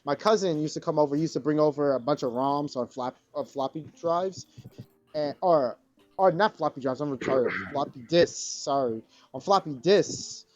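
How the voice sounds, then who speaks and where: A man's voice: fairly high pitch, moderate pace, darkish tone, dull audio. A man co-hosting a podcast in casual chat, rambling and profane. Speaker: podcast co-host.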